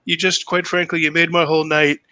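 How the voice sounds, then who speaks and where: A man from Boston co-hosting a casual podcast, bantering excitably with slang and swearing. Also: fairly high pitch, a little fast. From Boston, USA. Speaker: podcast co-host.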